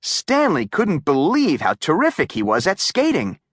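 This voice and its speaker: A woman narrating a children's audiobook in a slow, expressive storytelling manner. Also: low voice, husky, no echo, studio quality.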